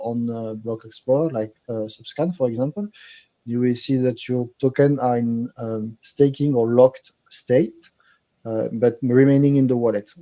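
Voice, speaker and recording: A man on a community call explains how wallets work, pausing often with fillers. His voice is very dark and mellow, at a middling pitch. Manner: hesitant, many fillers, reassuring. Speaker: protocol manager.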